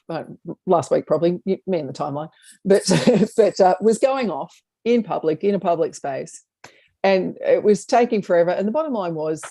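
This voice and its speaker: A chatty woman who tells stories with lots of laughter, speaking over a video call. Her voice is mellow and dark, and it sounds dry, with no room echo. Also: fairly low pitch. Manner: chatty storyteller, laughs often. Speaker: co-host. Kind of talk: casual comedic chat.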